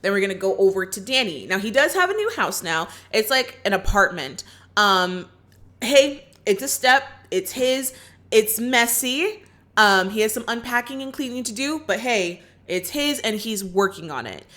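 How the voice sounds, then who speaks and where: A woman's voice: medium pitch, expressive, normal speed, bright, forceful tone. A woman casually recapping a film plot in a chatty way, full of asides and fillers. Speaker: film reaction reviewer.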